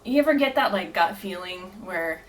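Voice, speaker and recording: A woman's voice: lowish voice, lively intonation, moderate pace, poor audio. A woman guest on a podcast, telling her story earnestly with many fillers and frequent laughter. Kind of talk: casual storytelling.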